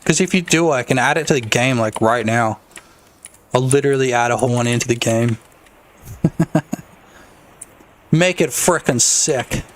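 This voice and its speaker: A man streaming while he develops a game, chatting casually and excitably, swearing and rambling. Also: mid-range voice, normal speed, pauses often, slight background noise. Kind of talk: casual livestream chat.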